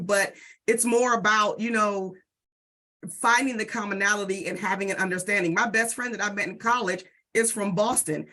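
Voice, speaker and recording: A middle-aged woman from the DC area, speaking on a panel and telling lively stories that act out the exchanges she describes. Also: medium pitch. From Southeast DC and Prince George's County, Maryland. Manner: animated storytelling, acts out quoted exchanges. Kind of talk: panel discussion.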